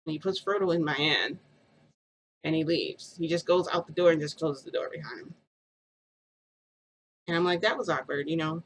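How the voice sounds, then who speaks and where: A woman's voice: low voice, fairly even intonation, normal speed, long pauses, a little hiss or hum, low-quality recording. A woman vlogger telling a story in a rambling, casual way, full of "like" and "um".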